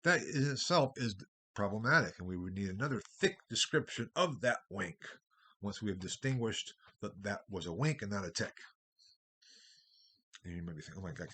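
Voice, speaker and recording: Low husky guy giving a history lecture, rambly, gets loud then drops way down. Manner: discursive, wide swings in loudness. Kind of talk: recorded university lecture.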